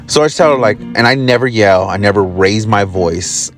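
A man talks loosely and at length for his own podcast, his voice sitting on the low side. He swears freely and leans on fillers as the story wanders. Faint guitar music plays underneath. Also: expressive, normal speed. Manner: rambling, profane, with many fillers. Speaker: podcast host. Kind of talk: casual storytelling monologue. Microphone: recording on the job, from a motel.

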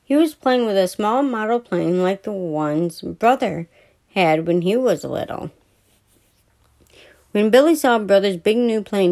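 A woman podcast host reading a children's story aloud, softly and with small stumbles she corrects. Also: mid-range voice, lively intonation, a little slow.

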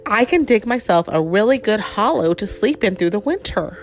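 A woman voicing an eager young bear cub in a storybook, raising her voice high and sounding excited. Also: normal speed, faint music behind, natural voice.

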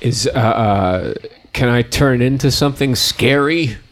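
A man playing in a tabletop game, excitable and prone to bursting into shouts during play. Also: medium pitch, unhurried, a little hiss or hum. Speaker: player. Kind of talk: tabletop role-play chat.

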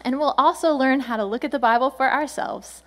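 A woman's voice: high voice, a little fast. A woman senior pastor giving a chatty, playful sermon, laughing often as she talks.

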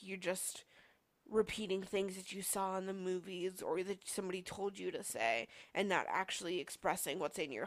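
A woman's voice: mid-range voice, fairly bright tone. A young woman in her twenties hosting a podcast, telling a personal story casually with lots of "like" and filler words. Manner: rambling, heavy use of "like" and fillers. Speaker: podcast host.

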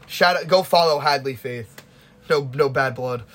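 A young man hosting a casual podcast, telling stories with lively acted-out quotes and plenty of swearing. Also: mid-range voice, moderate pace. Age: young adult. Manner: animated storytelling, acts out quotes, swears freely. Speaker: podcast host. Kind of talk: casual chat.

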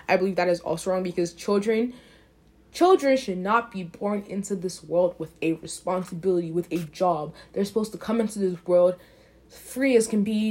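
A woman's voice: mid-range voice, darkish tone. A young woman giving an emphatic, opinionated talk in a casual way, often restarting her sentences.

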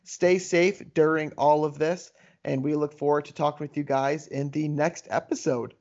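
A man's voice: a little high, steady tone, normal speed, darkish tone. A man co-hosting a casual podcast, laid-back and joking with his co-host. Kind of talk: casual chat. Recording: dull lo-fi podcast audio.

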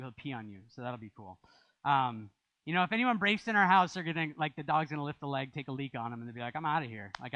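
A man's voice: fairly high pitch, fairly bright tone, no echo, lo-fi sound. A man preaching a sermon as pastor, in a conversational style with rising emphasis.

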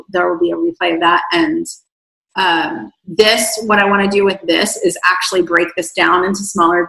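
A woman's voice: on the low side, creaky, fairly bright tone, roomy sound, low-quality recording. A woman hosting a livestream as an online coach, reading viewer comments aloud and answering in an effusive, rambling way, her voice starting to fade after a long session. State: voice fading from long talking.

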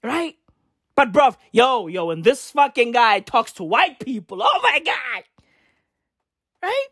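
A woman's voice: fairly high pitch, sing-song, slow pace, fairly bright tone, slightly rough, no echo, studio quality. A young woman, ranting in slangy, profane commentary and repeating tag questions. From South Africa. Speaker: vlogger.

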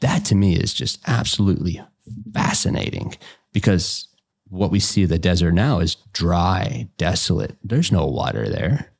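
A West Virginia man with a very deep, gravelly Appalachian voice talks casually as a podcast guest and life coach. He coaches and tells stories in a loose, folksy style with double negatives and easy swearing, expressive at a moderate pace, grit under every line.

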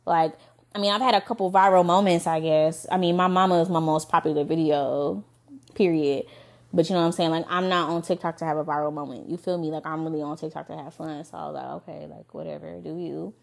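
A young woman hosting a podcast, telling a dating story in a candid, profane, casual way with quick asides. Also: sits low, fairly even intonation, darkish tone. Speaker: podcast host.

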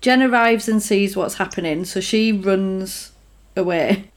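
A woman, casually retelling a film plot and acting out the characters' lines in quick voices. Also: medium pitch. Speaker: film recapper.

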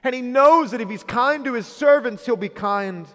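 Recorded in an echoing hall, this thirty-something pastor preaches in a very high, slightly bright voice at normal speed. His sermon is earnest, growing more emphatic as he retells the story.

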